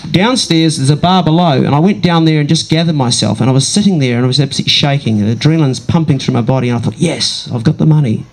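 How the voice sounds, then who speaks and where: A man telling a comic story from his own life to a live audience, conversational with dramatic pauses and wry asides. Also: a little high, rough recording. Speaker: comedic storyteller.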